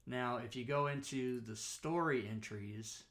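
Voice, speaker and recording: A man hosting a live-streamed talk show, walking through software in a chatty, rambling way and often correcting himself. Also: medium pitch, a little slow.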